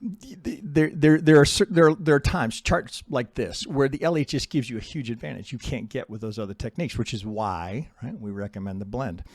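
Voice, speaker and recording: A middle-aged trading educator casually teaches chart analysis, talking bluntly, swearing, and mocking traders with quick put-on voices. His medium-pitched, animated voice has a darkish tone, with no room sound.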